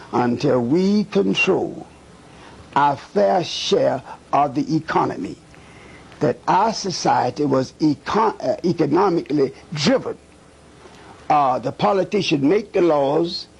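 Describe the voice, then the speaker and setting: An older man speaks in a deep, mellow voice with a gravelly, raspy edge. He talks earnestly and deliberately and leans on emphatic repetition as he recalls his years in the civil rights movement. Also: low-quality recording. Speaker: former civil rights activist recounting memories. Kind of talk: recorded recollection.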